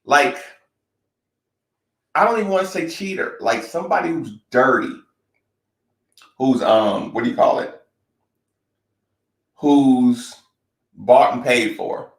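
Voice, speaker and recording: Gravelly, unhurried man in an echoey room. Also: medium pitch. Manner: blunt and emphatic, repeats his points, swears. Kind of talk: candid talk-show conversation.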